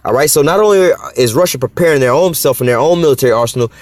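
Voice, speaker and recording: Fast-talking brash preacher man. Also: mid-range voice, lively intonation, a little mellow, no room sound. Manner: brash, profane, rhetorical questions. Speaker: street preacher. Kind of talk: Bible teaching.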